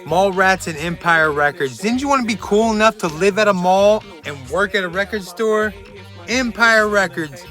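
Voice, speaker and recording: Excitable, rambling man with a bright voice. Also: sits high, moderate pace, soft background music. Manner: rambling, excitable, jokey asides. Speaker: movie recommendation host. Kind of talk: casual monologue.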